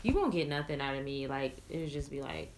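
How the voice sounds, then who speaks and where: A woman co-hosting a podcast in casual chat, laughing and chiming in with quick reactions. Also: very deep voice, expressive, background noise. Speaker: podcast co-host.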